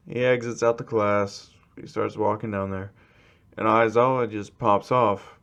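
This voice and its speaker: A man's voice: on the low side, steady tone, measured pace, a bit bright. A man casually retelling a fan-fiction story, rambling and filling gaps with "you know".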